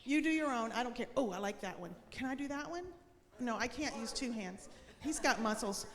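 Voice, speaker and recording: A woman's voice: high-pitched, expressive, moderate pace, in a large hall, over a noisy crowd, very noisy. A woman teacher giving a cheerful, encouraging devotional lesson and prayer to schoolchildren. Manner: upbeat, encouraging, talks to children.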